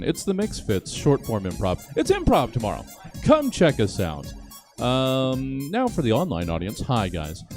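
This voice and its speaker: A man's voice: medium pitch, wildly swooping pitch, unhurried, a little mellow, faint music behind. A man closing a comedy show, announcing upcoming shows loosely with fillers. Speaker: show host. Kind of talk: event announcements.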